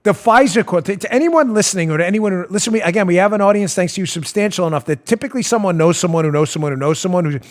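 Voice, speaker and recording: A male talk show host ranting about politics with animated sarcasm, often laughing mid-rant. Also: high-pitched, rapid-fire, hardly any pauses.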